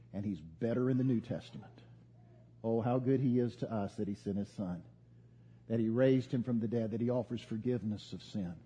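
A man preaching a sermon, retelling scripture as an animated story. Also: on the low side, slight background noise. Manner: animated storytelling, voicing quoted figures. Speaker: pastor. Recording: dull lo-fi sound.

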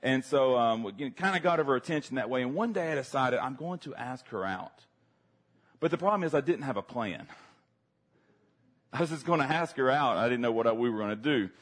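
Southern guy preaching, tells funny stories and acts out his younger self, average pitch. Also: expressive, fairly quick. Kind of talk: sermon with personal storytelling.

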